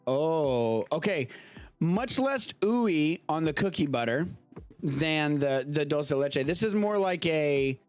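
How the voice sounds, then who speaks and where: A man's voice: a little high, lively intonation, slow pace, smooth, dry recording, soft background music. Rambling man hosting a casual show. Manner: loose and rambling, swears casually. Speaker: show host. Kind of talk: casual chat, tasting food. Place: home studio during a live stream.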